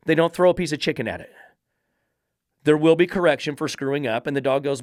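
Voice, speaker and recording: A man's voice: fairly high pitch, fast talker, pauses often, no room sound, studio quality. A man hosting a dog training podcast, lecturing emphatically with repeated rhetorical questions. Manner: preachy, repetitive rhetorical questions.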